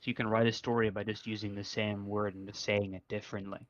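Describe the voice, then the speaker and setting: Young male co-host, low voice, chatty and musing, muffled lo-fi mic. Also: flat delivery, quick pace. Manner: rambling, many fillers, reflective. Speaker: podcast co-host. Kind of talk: casual chat. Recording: dull lo-fi sound.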